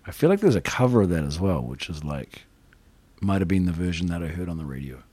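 A man from New Zealand hosting a radio show, chatting in a relaxed, rambling way between records. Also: low-pitched, quick pace, husky.

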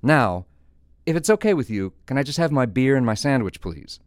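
A man doing a deadpan talking duck. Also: mid-range voice, normal speed, no room sound, studio quality, voice pushed up, close to an everyday voice. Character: dry-witted male talking duck, drywall worker.

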